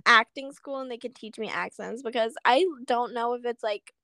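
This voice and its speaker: A young woman co-hosting a podcast in casual chat, laughing a lot, mocking herself and stuttering when excited. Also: fairly high pitch, moderate pace, creaky, no echo, studio quality. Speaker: podcast co-host.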